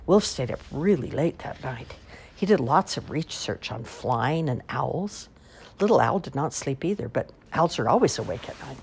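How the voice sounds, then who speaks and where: A woman reading children's stories aloud with expressive storytelling. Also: a bass voice, moderate pace, creaky, a little hiss or hum. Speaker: storybook reader.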